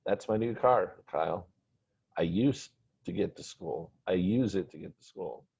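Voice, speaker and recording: A man's voice: low voice, lively intonation, a little slow, gravelly, a little mellow, breathy edge, exaggerated voice. A man voicing a frustrated sixteen-year-old boy who talks in pleading, whiny complaints. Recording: dull lo-fi recording.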